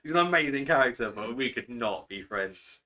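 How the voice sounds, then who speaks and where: Brief: young guy, fast and bright, rambling casual chat as a game master. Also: mid-range voice, lively intonation. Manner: chatty, rambling, swears casually. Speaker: game master answering questions.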